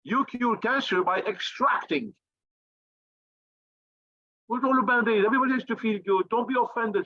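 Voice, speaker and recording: A man's voice: high voice, normal speed, pauses often, dull audio. A man who leads a think tank, giving a fiery, profane motivational talk with blunt, combative emphasis and lots of repetition.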